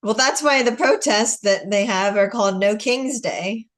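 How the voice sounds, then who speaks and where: A middle-aged woman hosting a relaxed chat over a video call. She talks in a loose, rambling way, full of filler words, at an ordinary mid pitch. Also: moderate pace. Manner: chatty, lots of "like" fillers. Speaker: host. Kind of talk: casual chat.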